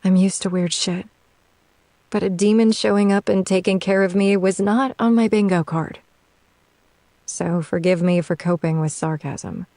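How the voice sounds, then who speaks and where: A man's voice: high-pitched, steady tone, unhurried, warm tone, no echo, voice pushed up. A man reading an audiobook-style story, putting on the voice of a sarcastic, tipsy young woman who answers with biting exasperation. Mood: exasperated. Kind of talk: audiobook narration.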